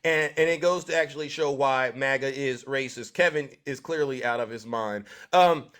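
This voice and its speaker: A man's voice: medium pitch, normal speed, fairly bright tone. A man hosting a live stream, preaching to his audience in a repetitive, scolding way. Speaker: livestream host. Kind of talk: live-stream political commentary.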